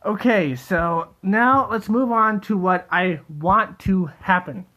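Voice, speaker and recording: A young man rambling excitedly in a casual solo video, full of fillers and restarts. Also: high-pitched, slow pace. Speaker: theory video host.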